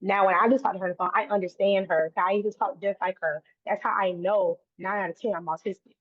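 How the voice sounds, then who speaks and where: A woman's voice: mid-range voice, steady tone, fast talker, no echo. A woman guest on an interview, talking earnestly in long run-on sentences that often restart. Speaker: guest, autism advocate. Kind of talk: conversational interview. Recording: dry, tinny phone-like line.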